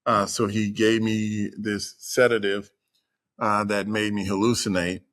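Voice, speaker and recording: A middle-aged man with a fairly low voice recounts a personal story as a podcast guest. He talks casually with many ums and uhs and animates the lines of the people he quotes. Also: a little slow. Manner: animated retelling, acts out quoted voices, frequent fillers. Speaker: guest executive.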